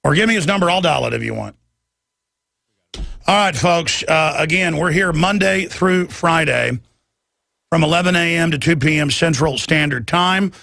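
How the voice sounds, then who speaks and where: A man hosting a talk radio show, excitable and stammering through restarts. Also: a little high, normal speed, creaky, dry recording, studio quality.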